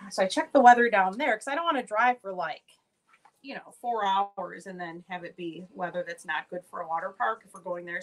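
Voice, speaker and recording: A chatty, upbeat woman hosting a live jewelry sale, showing pieces and greeting viewers by name. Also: mid-range voice. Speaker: live-stream jewelry seller. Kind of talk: casual live-sale chat.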